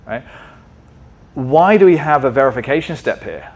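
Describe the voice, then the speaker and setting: A man's voice: medium pitch, lively intonation, normal speed. A man presenting at a tech meetup in a conversational way, often checking in with the audience. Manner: conversational, asks frequent "right?" checks. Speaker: conference speaker.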